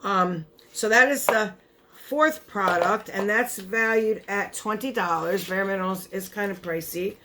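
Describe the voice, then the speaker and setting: A young woman vlogger, sounding tired and with her voice giving out, chats casually while unboxing a beauty box. Her voice is medium in pitch and unhurried with a sharp tone, and she rambles and cuts herself off, chatty throughout. There's a little hiss or hum on the recording.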